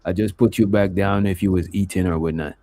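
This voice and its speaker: Gravelly-voiced man hosting a livestream. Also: sits low, steady tone, brisk, warm tone. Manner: loose, rambling, with frequent "you know what I'm saying". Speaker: livestream host. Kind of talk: casual livestream commentary.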